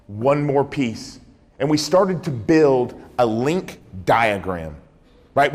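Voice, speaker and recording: Man telling a story in an echoey hall. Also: mid-range voice. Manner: dramatic storyteller acting out dialogue. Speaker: keynote speaker. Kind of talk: storytelling talk.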